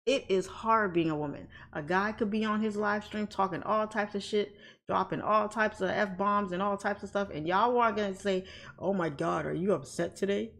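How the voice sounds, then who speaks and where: A woman's voice: mid-range voice, fairly even intonation, normal speed, a bit bright. A woman hosting a casual livestream off camera, talking bluntly and outspokenly, often breaking into laughter. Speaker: livestream host, trading educator. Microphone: off camera, desk mic.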